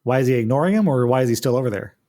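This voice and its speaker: A man's voice: medium pitch, animated, racing, warm tone. A man running a tabletop game as game master, patiently walking the players through rules and turns. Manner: patient, explains rules step by step.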